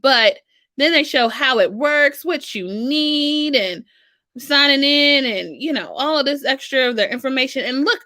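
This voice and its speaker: A woman from the States, hosting a casual financial advice vlog in a sassy, animated manner. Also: high-pitched, measured pace. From Southern United States. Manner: animated and sassy, with frequent "okay?" check-ins. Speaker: financial coach and channel host.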